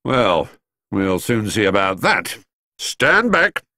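A man's voice: fairly low pitch, very animated, slow, sharp tone, dry recording, clean studio sound, exaggerated voice. A man voicing a bemused policeman who humours a young bear in a storybook reading. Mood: humouring.

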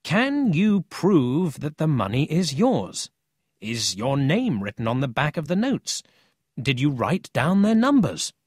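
A serious, measured bank manager, as a man puts him on. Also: fairly high pitch, wildly swooping pitch, darkish tone, husky, dry recording, studio quality, voice pushed up, exaggerated voice. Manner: measured, questioning.

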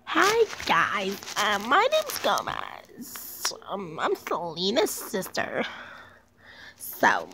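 A woman voicing a tearful sister who talks haltingly and sighs. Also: mid-range voice, wildly swooping pitch, pushed and bright, heavily acted. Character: tearful sister, lost without her sibling. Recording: crowd noise behind.

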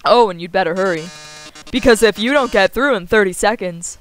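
A woman's voice: medium pitch, a little fast, a little hiss or hum, natural voice, rough recording. A woman voicing a flamboyant, theatrical robot TV star in a game, melodramatic and gloating with cackling laughs. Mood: hammy gloating.

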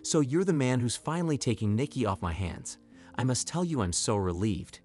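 A man voicing a lively, outspoken woman who speaks bluntly and forcefully. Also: mid-range voice, normal speed, faint music behind, natural voice. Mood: gleeful.

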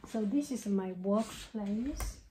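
A woman giving a soft-spoken ASMR tech tutorial at her home desk, talking haltingly and drifting into whispers, close on a handheld mic. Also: medium pitch, slight background noise. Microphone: close handheld mic with pop cover.

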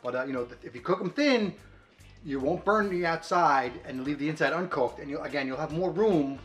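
A man's voice: fairly high pitch, fairly quick, a bit bright, faint music behind. A man hosting a casual cooking segment at home, chatting in a rambling way with frequent restarts. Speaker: co-host cooking on camera. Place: home kitchen and grill.

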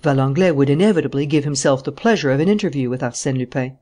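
An audiobook narrator reads in a calm, steady storytelling manner. The voice sits at a middle pitch. The delivery stays even throughout. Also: quick pace. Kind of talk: scripted narration.

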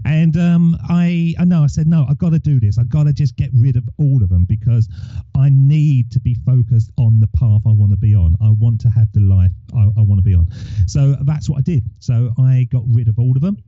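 A man guest on a podcast, telling animated stories in casual chat and acting out quotes. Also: mid-range voice, brisk, dry recording. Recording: dull lo-fi sound.

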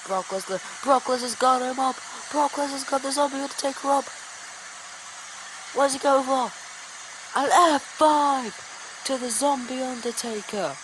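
A woman giving excitable play-by-play wrestling commentary, bursting into exclamations. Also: high-pitched, unhurried, noisy background. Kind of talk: play-by-play wrestling commentary over a video game.

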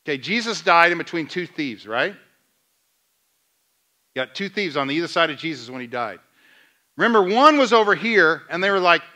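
High bright-voiced preaching pastor. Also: male voice, expressive, moderate pace. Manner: preaching with questions to the congregation and retold dialogue. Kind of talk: sermon. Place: church sanctuary.

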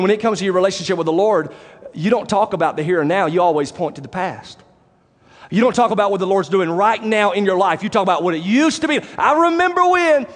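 A male pastor preaching a sermon, animated and conversational, asking the congregation direct questions. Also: sits high. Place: church sanctuary. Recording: long church reverb.

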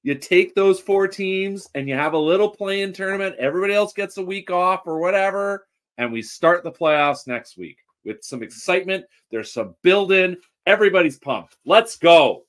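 A man who is a teacher and parent, joining a sports radio show as a guest writer, talking in a blunt, animated and opinionated way. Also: sits high, normal speed.

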